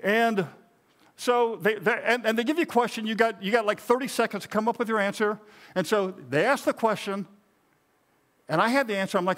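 A man's voice: sits high, brisk, a bit bright. A middle-aged man, a pastor, preaching a sermon in a conversational, self-deprecating way with touches of humor.

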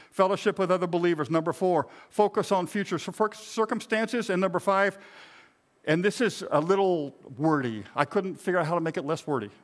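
A middle-aged man, a pastor, preaching a sermon in a conversational, self-deprecating way with touches of humor. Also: fairly high pitch.

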